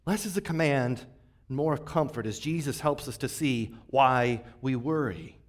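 A man in his forties preaching a sermon in a relaxed, conversational way, often tagging rhetorical questions onto his points. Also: medium pitch, measured pace. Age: 40s. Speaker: pastor.

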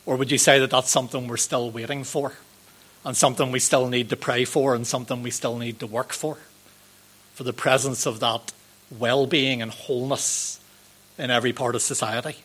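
A man, giving a sermon in a gentle, conversational way, with ums and rhetorical questions. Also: medium pitch, flat delivery, moderate pace, husky. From Northern Ireland. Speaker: preacher.

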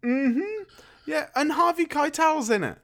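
A man's voice: very high voice, lively intonation, a little slow, a bit bright. A man, ranting sarcastically and swearing in a casual film-review chat. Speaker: podcast co-host.

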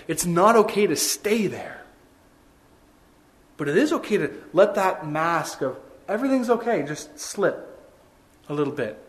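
A man preaching a sermon as a pastor, in a conversational way with many rhetorical questions. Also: high voice.

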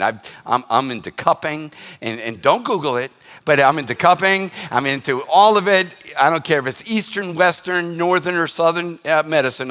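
A man preaching to his congregation in a bright, forceful voice pitched a little high. He talks in an animated, joking way, breaking into quick voiced asides. A long reverb from the church hall hangs on every phrase. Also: smooth. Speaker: pastor. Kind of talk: sermon.

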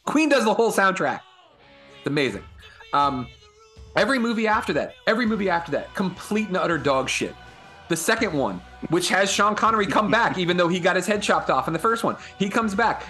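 A man co-hosting a casual podcast, talking with animated energy and frequent swearing. His pitch swoops up and down a lot as he gets worked up, and he laughs readily between points. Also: fairly quick, faint music behind. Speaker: podcast co-host. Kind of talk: casual chat.

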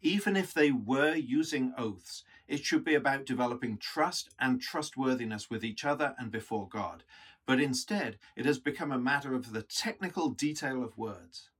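A man's voice: mid-range voice, lively intonation, moderate pace, a bit bright, slightly rough. A man preaching a reflective sermon in an earnest, teaching manner.

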